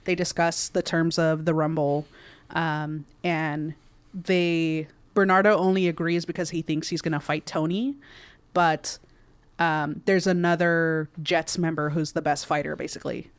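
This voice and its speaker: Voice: mid-range voice, level tone, unhurried, clear, resonant tone, dry recording. A podcast co-host casually recapping a movie plot, rambling with lots of fillers and restarts.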